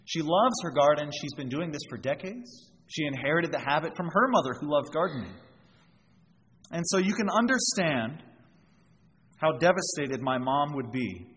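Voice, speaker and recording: A man's voice: fairly high pitch, expressive, moderate pace, fairly bright tone. A man preaching a sermon, explaining scripture verse by verse and drawing out everyday examples. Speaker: pastor. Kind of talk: expository sermon. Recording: long reverb, faint background noise.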